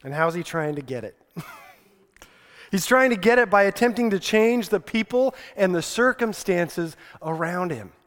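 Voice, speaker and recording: A man's voice: sits high, animated, moderate pace, fairly bright tone. A man preaching a sermon as pastor, talking conversationally and repeating key lines for emphasis. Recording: long reverb hall.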